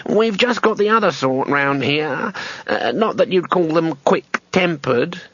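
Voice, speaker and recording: A man's voice: fairly high pitch, animated, a little slow, a bit bright, no room sound, lo-fi sound, voice pushed up. A man voicing a small nervous male gnome who hedges and backpedals. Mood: wary. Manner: hesitant, backpedalling.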